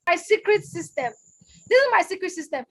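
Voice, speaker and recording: Energetic, shouty high-voiced woman coach. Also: brisk. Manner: loud, emphatic, repeats for emphasis. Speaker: online business coach. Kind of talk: live-stream teaching. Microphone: phone or webcam on a live stream.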